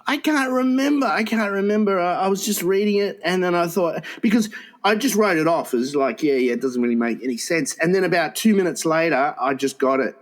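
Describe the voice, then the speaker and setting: A man co-hosting a crude comedy podcast, rambling and giggling, often jumping into high mocking voices. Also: expressive, brisk. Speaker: podcast co-host.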